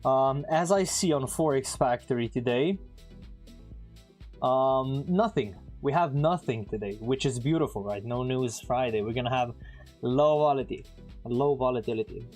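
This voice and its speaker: A man giving casual live-stream commentary as he trades, chatting with viewers and throwing in quick asides. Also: medium pitch, darkish tone, soft background music.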